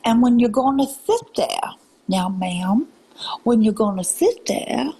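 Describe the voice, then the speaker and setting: A woman drawls in an exaggerated Southern accent as she scolds her live-stream viewers. She talks slowly, and her voice is husky. She calls her viewers ma'am and darling and slips into breathy half-whispers. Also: a little high, expressive, mellow, poor audio. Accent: put-on Southern US drawl. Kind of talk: lecturing live-stream rant.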